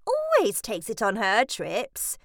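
A woman's voice: on the high side, wildly swooping pitch, slow, no echo, studio quality, full character voice. A woman doing a gushing, pushy mum. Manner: breezy, pushy, chattering on. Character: fussy, gushing middle-aged mother. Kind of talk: audiobook reading.

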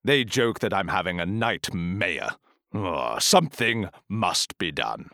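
A pompous male mayor in a storybook audio drama. His voice sits extremely low and rolls out slowly, every word weighty with self-importance. The recording is dry and close. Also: expressive, gravelly, pushed and bright, no room sound, heavily acted. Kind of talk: full-cast audiobook acting.

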